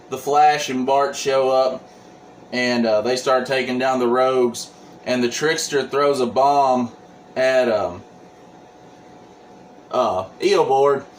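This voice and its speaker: A man's voice: mid-range voice, slight background noise, low-quality recording. A man casually recapping a comic book plot, full of ums and restarts. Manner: rambling, many ums and restarts.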